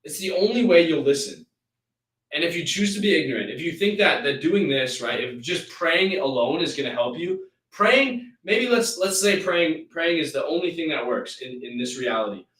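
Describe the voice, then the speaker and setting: A man's voice: a little high, expressive, normal speed, fairly bright tone, roomy sound, far from the mic, low-quality recording. A man hosting a live stream, giving an intense, preachy motivational rant that rambles with restarts.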